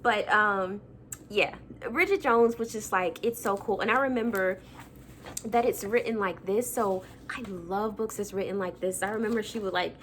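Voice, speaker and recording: A woman's voice: mid-range voice, normal speed, a bit bright, a little hiss or hum. A young woman vlogging casually about her childhood books, chatty and self-mocking with lots of fillers. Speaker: book vlogger. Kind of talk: casual chat.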